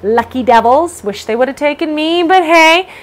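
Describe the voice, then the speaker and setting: A woman's voice: high voice, lively intonation, moderate pace. A woman hosting a casual podcast from home, chatting in a rambling, self-deprecating way. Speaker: podcast host. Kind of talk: casual chat. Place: home basement room with space heater.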